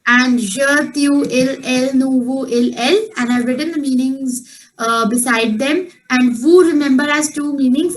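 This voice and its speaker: A woman teaches a beginner French lesson in a high voice. She is patient and repeats each point slowly so it sinks in. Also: poor audio. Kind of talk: online class instruction.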